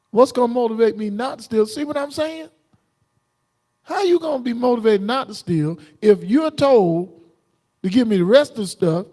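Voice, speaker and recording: A man preaching a combative, defiant sermon on a livestream, jumping into sudden high outbursts. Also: dark tone. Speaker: preacher streaming live.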